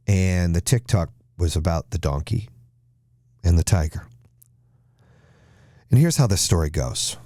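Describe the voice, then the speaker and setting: Blunt, low-voiced male podcast host. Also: animated, unhurried, long pauses, dark tone, no echo. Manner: blunt, emphatic, swears. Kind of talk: motivational podcast monologue.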